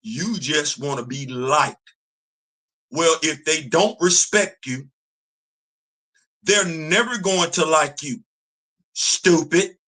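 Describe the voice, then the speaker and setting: A man's voice: on the high side, slow pace, long pauses, pushed and bright. A man, ranting to camera in a casual opinion video, scolding and repeating himself. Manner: preachy, repetitive, scolding. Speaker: video commentator.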